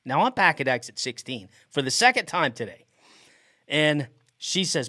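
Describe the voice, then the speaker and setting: A man's voice: fairly high pitch, very animated, normal speed, sharp tone, no echo, clean studio sound. A middle-aged man hosting a podcast, telling a story in a casual way and often laughing mid-sentence. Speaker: podcast host.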